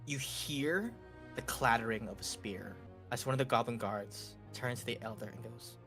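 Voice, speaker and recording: A man narrating a tabletop game as game master in a casual, lively way. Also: medium pitch, faint music behind. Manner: casual, lively, quick to laugh.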